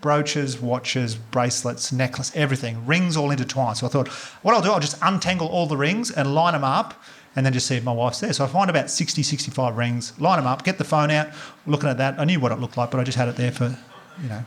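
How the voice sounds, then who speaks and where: Fast-talking Australian stand-up comedian. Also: male voice, medium pitch, fairly bright tone. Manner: fast storytelling with acted dialogue and swearing. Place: comedy club stage before a live audience.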